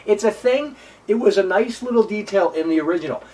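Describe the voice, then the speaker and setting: On a distant mic with faint noise, a live streamer rages about a game in a combative, repetitive, sarcastic rant, mocking critics with a high, whiny put-on imitation. His own voice is darkish in tone, lively in intonation, and fairly quick.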